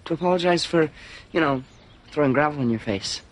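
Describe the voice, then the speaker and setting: A man's voice: a little high, fairly quick, natural voice. An actor playing an awkward young man in a TV drama, speaking in an earnest, pleading, wavering way. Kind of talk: TV drama acting.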